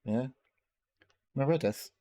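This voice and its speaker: A man's voice: medium pitch, slow pace, dark tone. A man co-hosting a podcast, rambling through jokey, sweary casual chat. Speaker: podcast co-host.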